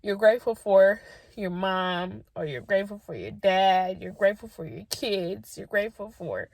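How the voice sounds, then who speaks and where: A woman's voice: medium pitch, a little mellow, no echo. A young woman talking to her viewers on camera, sharing heartfelt personal advice in an earnest, emotional way. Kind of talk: spontaneous heartfelt talk to camera.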